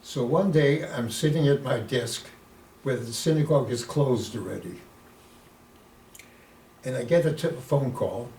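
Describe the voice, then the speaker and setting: A man's voice: mid-range voice, a little slow, long pauses. Man in his nineties telling stories. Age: 90s. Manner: lively storyteller who sprinkles in Yiddish words. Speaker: guest, retired rabbi. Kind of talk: anecdotal storytelling in an interview. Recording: echoey room, distant mic, faint noise.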